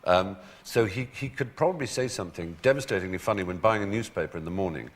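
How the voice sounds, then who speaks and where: An Englishman who is a talk show guest, telling anecdotes in an articulate, wry way with animated asides. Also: low-pitched, quick pace. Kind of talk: anecdotal storytelling.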